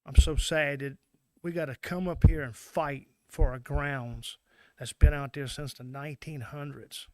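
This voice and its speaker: Southern fisherman, mad and shaking, bit high voiced, dry close sound. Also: a little slow, dry recording. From Mississippi. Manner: angry, emotional, pleading. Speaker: oyster fisherman giving public comment. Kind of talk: impassioned public comment. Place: public meeting room.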